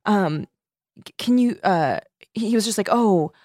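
A young woman co-hosting a podcast, telling a story in casual chat, animated and swearing freely. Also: medium pitch, measured pace, dry recording, clean studio sound. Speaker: podcast co-host.

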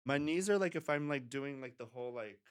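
Male guest, blunt and playful, animated bright delivery, dry close mic. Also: medium pitch, brisk, clean tone, dry recording. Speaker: podcast guest. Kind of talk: casual chat.

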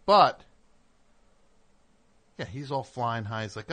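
A man's voice: medium pitch, animated, slow pace, a bit bright. A middle-aged man hosting a radio show, talking in a digressive, self-interrupting monologue with sarcastic asides. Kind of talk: rambling on-air monologue.

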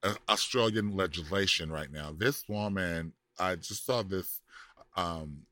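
A man's voice: deep voice, measured pace, pushed and bright, no echo. A man co-hosting a podcast in casual chat, sassy and drawling, laughing often. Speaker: podcast co-host.

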